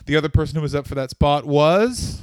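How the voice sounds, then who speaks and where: Male comedy podcaster, wry storyteller, slightly high voice, dry close mic. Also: brisk, a little mellow, no echo. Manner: wry, storytelling, joking asides. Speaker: podcast co-host.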